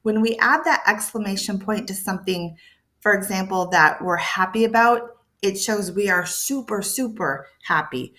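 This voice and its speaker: Speaking at normal speed in a medium-pitched voice that's pushed and bright, this woman gives an English lesson to camera. She's patient, goes over key points again, and adds playful emphasis and sound effects.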